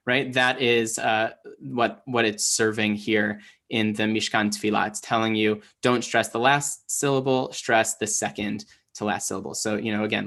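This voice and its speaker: A young man with a voice of ordinary pitch teaches Hebrew reading in an online class. He talks loosely and conversationally, full of "um" and "right?", often restarting his sentences. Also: fairly bright tone. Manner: casual, many fillers and restarts. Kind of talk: online lesson, explaining.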